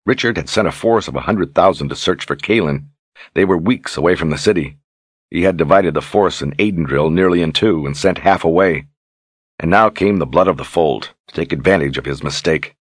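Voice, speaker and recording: A man reading a fantasy novel aloud in steady, measured scripted narration. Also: sits low, husky, no echo. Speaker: audiobook narrator.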